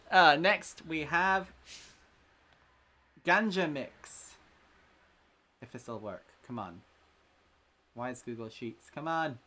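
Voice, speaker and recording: A man's voice: a little high, drawn-out words, pauses often, sharp tone. A man hosting a casual livestream, chatty and self-deprecating. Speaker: stream host.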